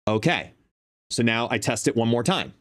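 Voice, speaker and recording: A man hosts a live stream in casual chat, his voice sitting at an ordinary middle pitch. He talks into a desk microphone at a home gaming setup and explains as he goes, dropping quiet and then getting louder. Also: normal speed. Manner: chatty, explains while testing his mic, shifts between quiet and loud. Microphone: desk microphone, no headphones.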